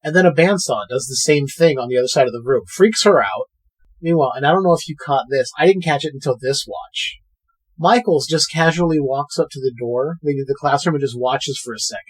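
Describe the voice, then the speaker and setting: A man's voice: mid-range voice, fairly quick, slightly rough. A man co-hosting a podcast, casually retelling a movie scene by scene and swearing freely. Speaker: podcast co-host. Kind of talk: casual movie recap chat.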